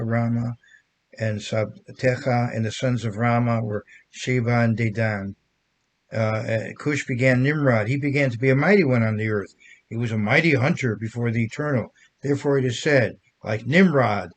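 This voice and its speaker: An older man reading scripture aloud in a steady, measured way on a podcast, working through long lists of names. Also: medium pitch. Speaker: podcast co-host.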